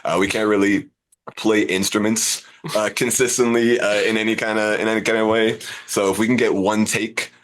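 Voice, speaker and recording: A man's voice: fairly low pitch, flat delivery, moderate pace, a bit bright. A man, a guest musician on a podcast, explaining in a rambling, self-deprecating way how his band records. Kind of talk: casual podcast chat.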